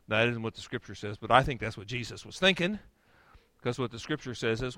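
A male pastor preaching a sermon, telling the story in a lively way that swings from hushed lines to loud outbursts. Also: mid-range voice, brisk, no room sound.

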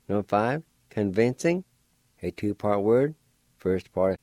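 A man with a lowish, mellow voice gives a radio language lesson at a slow, measured pace. He spells each word out syllable by syllable with patient care and encourages his listeners. The recording is dry and close. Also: expressive, no room sound. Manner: encouraging to learners. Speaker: language teacher and radio host.

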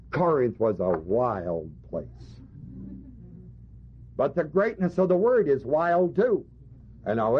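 A man's voice: mid-range voice, husky. A male preacher teaching a Bible passage to his congregation, emphatic and fond of rhetorical questions. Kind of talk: sermon. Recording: dull lo-fi recording.

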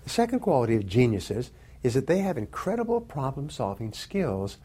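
A man narrating a documentary in a measured, explanatory way. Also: medium pitch, very animated, dark tone, husky. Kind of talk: scripted narration.

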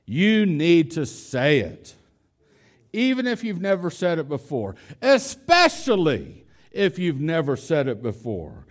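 Slow, lively-voiced preaching pastor. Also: male voice, on the high side. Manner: emphatic, repeats key phrases, speaks straight to the listeners. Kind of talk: sermon. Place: church hall with a congregation.

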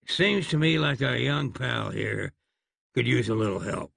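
A man's voice: mid-range voice, animated, normal speed, gravelly, fairly bright tone, dry recording, heavily acted. A man voicing a sly, scheming middle-aged frontier cowboy who talks in a folksy drawl.

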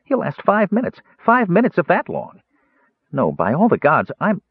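A man voicing a frantic kender turned into a mouse, with a high, stammering squeak, on a tinny, dry recording. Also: wildly swooping pitch, moderate pace, slightly rough, dry recording, heavily acted. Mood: indignant.

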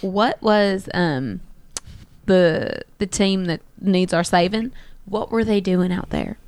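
A woman's voice: medium pitch, slow, darkish tone. A woman playing a tabletop role-playing game, asking rambling, casual questions. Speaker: player.

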